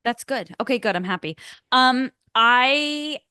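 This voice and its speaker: A woman's voice: high voice, animated, unhurried, bright, forceful tone, smooth, no echo, studio quality. A woman co-hosting a podcast, recapping a movie in casual chat, swearing freely and leaning on filler words. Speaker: podcast co-host.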